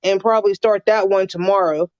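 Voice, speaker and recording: A woman guest chats on a livestream, rambling a little and laughing easily. Her voice sits at an ordinary pitch, dry and close. The call audio is dull and lo-fi. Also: fairly even intonation, brisk, darkish tone, no room sound. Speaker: guest, viewer. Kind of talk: casual livestream chat.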